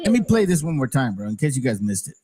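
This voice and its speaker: A man's voice: medium pitch, sing-song, fast talker, mellow, breathy edge, faint music behind, poor audio. A man hosting a channel who reacts to clips in a blunt, profane, street-casual way. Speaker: channel host. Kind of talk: reaction commentary.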